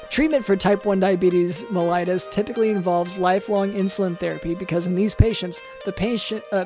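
A man's voice: high-pitched, a little mellow. A man hosting a comedy podcast, reading medical facts in a matter-of-fact way between jokes. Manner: reads medical text, then jokes around. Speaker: host posing as a doctor.

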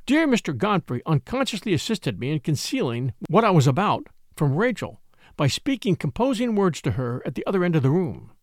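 A male audiobook narrator reads in a theatrical, expressive manner. His voice sits a little high for a man and moves a great deal. The recording is dry and close. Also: fairly quick, no room sound. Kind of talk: scripted narration.

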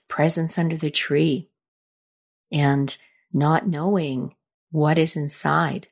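A woman's voice: sits low, vocal fry, a little mellow, slightly rough. A middle-aged woman hosting a podcast, telling personal stories in a chatty, reflective way. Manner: chatty, reflective, acts out quoted lines with a raised voice. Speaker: podcast host. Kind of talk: casual personal storytelling.

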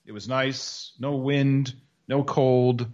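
A man's voice: medium pitch, steady tone, slow pace, darkish tone, dull audio. A man co-hosting a casual sports podcast, wry and joking, often slipping into mock voices. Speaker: podcast co-host.

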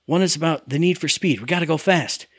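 A man's voice: on the high side, fast talker, a bit bright, no room sound, clean studio sound. A man co-hosting a casual chat, ranting about a game and mimicking characters' lines in exaggerated voices. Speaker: podcast co-host reviewing a game.

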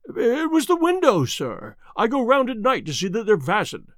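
A man's voice: high-pitched, sing-song, moderate pace, dry recording, studio quality. A man reading aloud, voicing a nervous, cornered middle-aged male butler who stammers and pleads. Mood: pleading.

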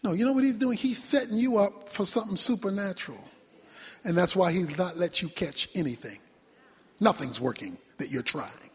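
A male pastor preaching a sermon, emphatic, swinging from shouted points to quiet low asides. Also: lively intonation, normal speed, husky. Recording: long reverb from a large hall.

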